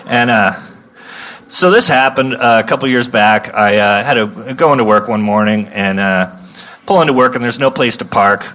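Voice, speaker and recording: A man in his thirties telling a profane stand-up comedy story in a rambling way, with sudden shouted outbursts. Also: fairly low pitch, moderate pace. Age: 30s.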